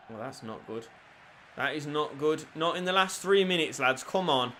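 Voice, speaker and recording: A young man giving crude, cheeky commentary over a football video game, swinging from low mutters to shouted goals. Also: lively intonation, moderate pace. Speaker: gaming YouTuber. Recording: faint music behind.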